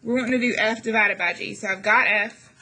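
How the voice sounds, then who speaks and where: A woman's voice: fairly high pitch, steady tone, brisk, pushed and bright, poor audio. A woman math teacher giving a classroom lesson, chatty and jokey, with dramatic asides to her students.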